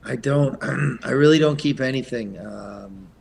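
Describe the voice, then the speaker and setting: A man from Quebec, a guest actor, chatting in an interview in a soft-spoken way that often trails off, with plenty of ums and uhs. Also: medium pitch, a little slow, vocal fry. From Eastern Canada, Quebec. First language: French. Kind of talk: casual interview chat.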